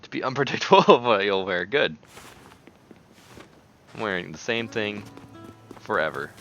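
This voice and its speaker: A man's voice: lowish voice, animated, moderate pace, fairly bright tone, faint music behind. A man giving casual, chatty gameplay commentary, giggling and muttering little asides at the game, on a dull lo-fi recording. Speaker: gaming YouTuber.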